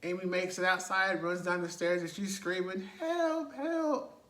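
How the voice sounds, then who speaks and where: Guy retelling a movie, laughing at it, kinda high voice, roomy echo. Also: moderate pace. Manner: animated, laughing retelling with rhetorical asides. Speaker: movie reviewer. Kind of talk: casual movie recap.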